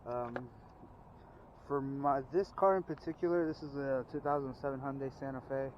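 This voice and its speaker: A man's voice: mid-range voice, fairly even intonation, moderate pace. Man, casual DIY car repair vlogger, rambling and informal, outdoor noise, muffled phone audio. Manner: rambling, informal, with frequent fillers and restarts. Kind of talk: casual how-to narration. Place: outdoors working under a car at night.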